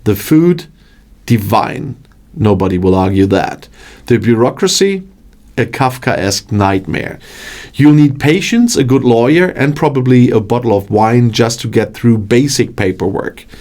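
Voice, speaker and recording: A man's voice: medium pitch, expressive, a little slow, darkish tone. A man hosting his channel, reading a scripted narration with a wry, joking delivery. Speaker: channel host.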